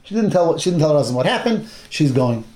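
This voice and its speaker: A man's voice: on the high side, very animated, fast, a little mellow. A man teaching a Torah class, retelling a Bible story with acted-out quotes and Hebrew terms. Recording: roomy echo.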